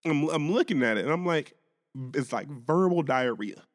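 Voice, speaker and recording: A man's voice: on the high side, lively intonation, moderate pace, long reverb tail. A man co-hosting a podcast in casual chat, profane and laughing often as he tells stories. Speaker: podcast co-host.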